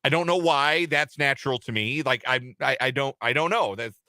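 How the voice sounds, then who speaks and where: A man's voice: mid-range voice, moderate pace, sharp tone, no room sound. A man co-hosting a sports radio show, easygoing and laughing often in casual chat, then plain and informative when giving football news. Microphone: studio microphone.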